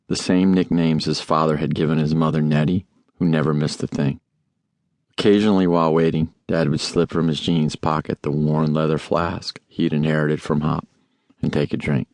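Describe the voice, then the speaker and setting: A man reading a memoir aloud as an audiobook narrator, in a measured, deliberate way. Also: rumbling low, darkish tone, no echo.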